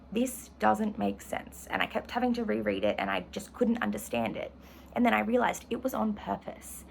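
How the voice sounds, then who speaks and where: A woman's voice: medium pitch, creaky, slight background noise, poor audio. A woman English teacher explaining a novel and reading a passage aloud, enthusiastic and correcting herself as she goes. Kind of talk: literature lesson with read-aloud passage.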